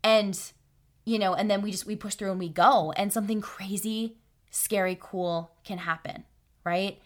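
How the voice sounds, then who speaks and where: A woman's voice: mid-range voice, steady tone, normal speed. A young woman from Arkansas hosting a solo podcast, talking casually and often tagging her sentences with "right?" between fillers. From Arkansas, USA. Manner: chatty, keeps asking "right?", many fillers. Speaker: podcast host.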